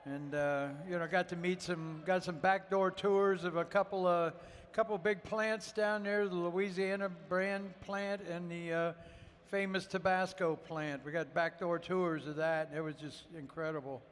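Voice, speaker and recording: A man's voice: high-pitched, fairly even intonation, measured pace, in a large hall, a little hiss or hum. A man from Ohio, a guest chef, telling rambling, folksy stories with lots of fillers during a live cooking demo on a festival stage.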